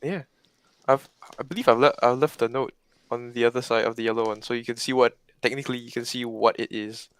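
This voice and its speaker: A man chatting casually as a guest, soft-spoken and halting as he explains the gifts he sent. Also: mid-range voice, steady tone, clear, resonant tone. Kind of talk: casual chat.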